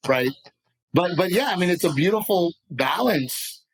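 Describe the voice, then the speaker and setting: A man with a voice pitched a touch above the usual, telling stories as a guest on a podcast. He talks with passion and keeps on going in restless, animated runs. It is casual, chatty interview talk. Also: a little slow, breathy edge, poor audio. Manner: passionate, rambling, animated storyteller. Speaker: comedian guest.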